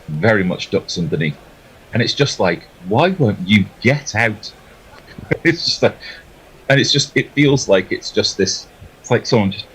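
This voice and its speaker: A man giving relaxed ball-by-ball cricket commentary, chatty and laughing between deliveries. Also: lowish voice, slight background noise, rough recording.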